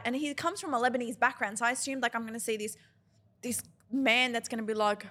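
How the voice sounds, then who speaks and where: Woman, young adult, higher pitch, chatty storyteller; podcast co-host. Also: fast. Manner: chatty, lots of "like", animated when quoting people. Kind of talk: casual chat, storytelling.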